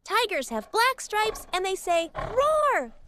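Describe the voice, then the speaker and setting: Woman, children's host, very high voice, sing-song narration for toddlers. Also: big pitch swings, moderate pace, heavy background noise.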